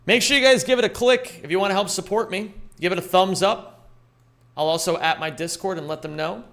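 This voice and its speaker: A man's voice: high voice, sing-song, normal speed, fairly bright tone. A man streaming a speedrun, chatting loosely with his viewers, greeting them by name and rambling between thoughts. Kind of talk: live-stream chat while speedrunning.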